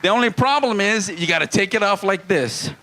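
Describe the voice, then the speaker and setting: Guy from hawaii doing stand-up live, kinda high voice, crude jokes, messing with the crowd. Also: brisk, bright, forceful tone. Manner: crude, playful crowd banter. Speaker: stand-up comedian. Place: small live comedy venue.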